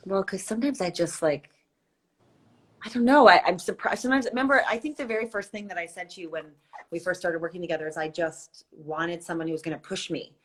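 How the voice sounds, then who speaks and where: A woman guest on a live stream over her phone, chatting in a wry, joking way and telling lively stories. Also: on the low side, quick pace. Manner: wry, joking, animated storyteller. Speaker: actress and guest. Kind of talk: casual chat.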